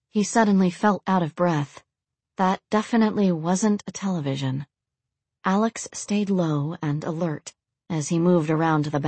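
A woman reads a dark, suspenseful story aloud in an even audiobook manner. Her voice sits on the low side for a woman, and the recording is dry and close with no room sound. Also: dry recording. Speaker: narrator. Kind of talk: audiobook narration.

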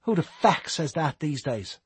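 Curt, irritated young robber, close to the reader's own husky voice, read by a man. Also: a little high, big pitch swings, unhurried, no room sound, pitched above the performer's own voice, full character voice. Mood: exasperated. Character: exasperated young male robber, the sharper friend.

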